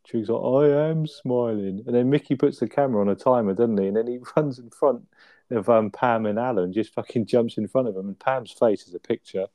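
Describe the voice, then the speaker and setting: A man with a warm, mid-range voice talks fairly quickly on a podcast, with no echo in the sound. As co-host, he casually reviews a sitcom episode, laughing while recounting scenes and tacking on questions.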